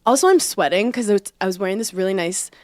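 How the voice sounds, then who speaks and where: A young woman co-hosting a chat podcast. Her voice sits at an ordinary pitch, and it is heard close and dry with no room sound. She tells a long story in an animated way, laughing often and acting out what people said. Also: fast talker, no room sound. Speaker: podcast co-host.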